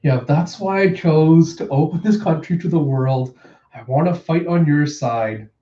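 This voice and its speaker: A man's voice: on the high side, a little slow, mellow, roomy sound, far from the mic, muffled recording, lightly acted. A man reading as an earnest young warrior. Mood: proud.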